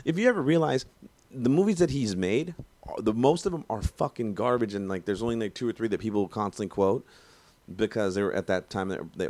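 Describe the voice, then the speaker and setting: A man's voice: low voice, a little mellow. A man ranting casually and profanely, rambling with lots of restarts and filler. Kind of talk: casual rant, movie review.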